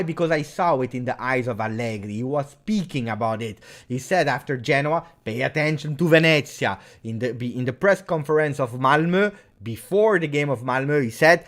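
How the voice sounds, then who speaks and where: Young man, fired-up fan host, furious post-match rant, emphatic repetition, mid-pitched voice. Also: lively intonation, moderate pace, a bit bright. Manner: angry, emphatic, repeats phrases over and over. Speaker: football fan channel host.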